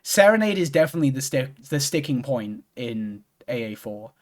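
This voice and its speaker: A man's voice: mid-range voice, sing-song, normal speed. A young man streaming a game, chatting casually and rambling with lots of restarts and swearing. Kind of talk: casual chat while playing a game.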